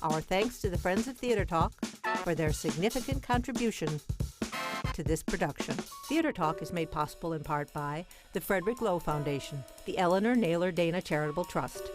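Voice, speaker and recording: A woman co-hosting a TV talk show, reading the sponsor credits in a measured, formal delivery. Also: lowish voice, lively intonation. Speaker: co-host. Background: music.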